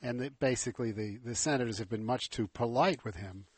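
A man giving political commentary as a radio guest, speaking in a measured way that trails off quietly. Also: medium pitch, husky, no room sound.

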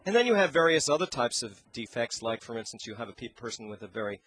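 Man, singing teacher, halting speech, average pitch, handheld mic. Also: very animated, a bit bright, no room sound. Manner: halting, searching for words. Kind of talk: explaining with sung demonstrations. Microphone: handheld microphone.

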